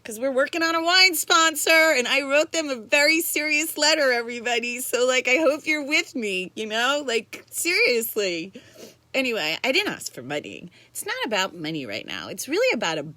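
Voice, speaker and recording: Bubbly lady on a home livestream, bright high voice, bouncy, dry close mic. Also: very animated, moderate pace, dry recording. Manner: chatty, bubbly, greets viewers by name. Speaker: livestream host. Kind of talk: casual live-stream chat.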